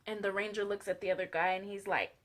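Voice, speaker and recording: Fast-talking woman preaching casually. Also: mid-range voice. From Southern United States. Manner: fast-talking, animated storyteller. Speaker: lay preacher. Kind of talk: casual faith testimony vlog.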